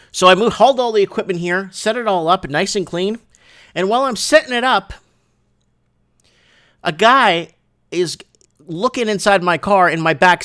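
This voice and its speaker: Excitable man hosting a livestream. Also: sits high. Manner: rambling, excitable, repeats "right?" and restarts. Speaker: livestream show host. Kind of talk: casual livestream chat. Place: his shop.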